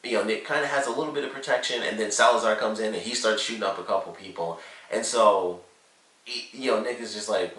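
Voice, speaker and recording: A man with a very low voice talks through a TV episode in a loose, rambling way, leaning on fillers as he goes. He sits back from the microphone, and the room around him echoes noticeably. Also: quick pace, fairly bright tone, distant mic. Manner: rambling, lots of "like" and "you know" fillers. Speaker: TV show reviewer. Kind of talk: casual episode recap and review. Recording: roomy echo, set back from the mic.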